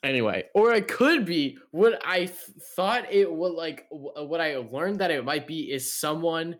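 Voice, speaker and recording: Animated young man telling a story. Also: on the high side, moderate pace. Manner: animated storytelling, slangy, swears, laughs often. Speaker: podcast co-host. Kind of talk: casual chat.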